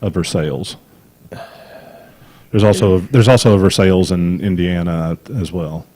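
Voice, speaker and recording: Halting deep-voiced man from Mississippi. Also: steady tone, dark tone, no echo. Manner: halting, many ums and restarts. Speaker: podcast co-host. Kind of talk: casual chat.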